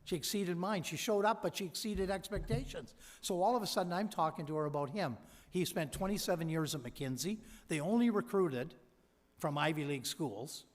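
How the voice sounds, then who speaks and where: Man, convocation speaker, slightly high voice, storytelling, long hall reverb. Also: moderate pace. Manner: storytelling, quoting others. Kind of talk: ceremonial speech with anecdotes. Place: large hall.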